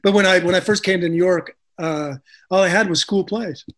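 High-voiced chatty American-stage actor. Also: male voice, steady tone, moderate pace, fairly bright tone. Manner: chatty, many restarts and fillers. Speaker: actor, guest. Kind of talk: casual storytelling interview.

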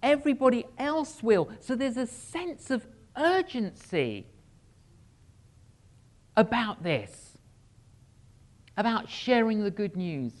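Lively, unhurried storytelling preacher man. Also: high voice. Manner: animated storyteller acting out dialogue; humorous asides to the congregation. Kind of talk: storytelling sermon. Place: church.

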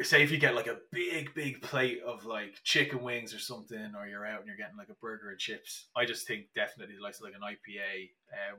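Young irish guy chatting on a podcast, bright forceful voice, keeps restarting his sentences, lots of "like". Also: on the low side. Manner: chatty storyteller, many restarts and fillers. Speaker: podcast guest. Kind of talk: casual podcast chat.

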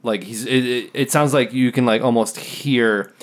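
A man's voice: mid-range voice, normal speed. A man co-hosting a casual music podcast, rambling and filling his talk with "like". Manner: rambling, packed with "like" fillers. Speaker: podcast co-host.

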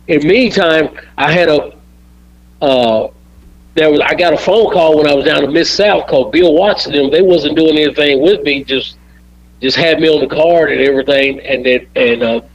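An older man, a podcast guest, telling long stories in a rambling way, repeating words as he goes. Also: on the high side. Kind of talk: podcast storytelling. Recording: dull lo-fi audio.

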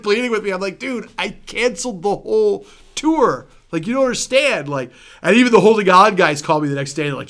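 A man telling a story in casual chat, acting out quotes, swearing freely and trailing off into quiet mumbles. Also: sits high, lively intonation, a little fast, gravelly. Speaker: former band member, guest.

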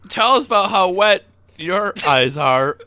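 Lively, very bright-voiced man. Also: sits high, dry recording, clean studio sound. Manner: lively, quick laughing reactions. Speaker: podcast co-host. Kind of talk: casual comedic chat.

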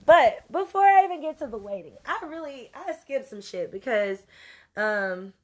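A woman telling a story in an animated, profane way, moving between loud outbursts and low asides. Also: moderate pace. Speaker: podcast host. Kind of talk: storytelling monologue.

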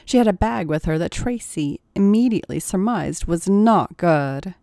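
A woman narrating an audiobook in a measured, expressive reading. Her voice sits low, with a lively pitch, and she takes her time. The recording is dry and close-miked. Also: no room sound.

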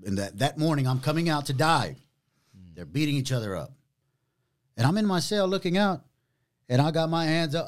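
A middle-aged man, a pastor telling his testimony in a casual podcast conversation, animated and full of slang. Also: fairly high pitch. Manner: animated storytelling, drawn-out words, casual slang.

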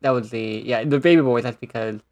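A man's voice: mid-range voice, brisk, a little mellow. A man co-hosting a podcast, chatting casually in an easygoing, hesitant way with many "um" fillers. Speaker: podcast co-host. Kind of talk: casual chat recapping an anime.

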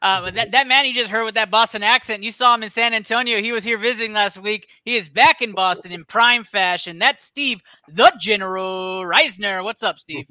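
Excitable male podcast host, high bright voice, crisp and dry, studio mic. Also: a little fast, hardly any pauses, dry recording. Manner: excitable, laughing, lots of fillers. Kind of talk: casual sports podcast chat.

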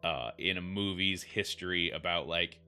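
A man's voice: low-pitched, moderate pace, bright, forceful tone, clean tone, faint music behind. A man hosting a podcast, rambling through wry, self-deprecating comedic commentary.

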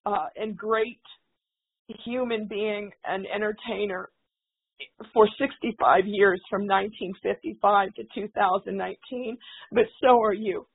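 A woman's voice: medium pitch, steady tone, measured pace, slightly rough. A woman being interviewed as a guest, speaking in a heartfelt, devout way. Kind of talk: casual interview talk. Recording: phone-like call audio.

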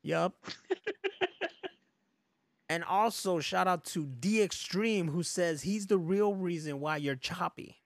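A man's voice: sits high, slow pace, creaky, long pauses, no echo. A man hosting a podcast in loose casual chat, rambling, laughing often and swearing freely. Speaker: podcast host.

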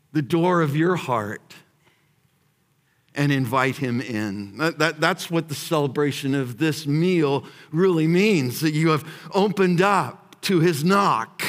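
A slow, deliberate male pastor with a fairly high voice, preaching in a space with a long echo. He drops to a hush for prayer and rises to shouts for emphasis, repeating words as he builds his point. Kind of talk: sermon. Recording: long hall reverb.

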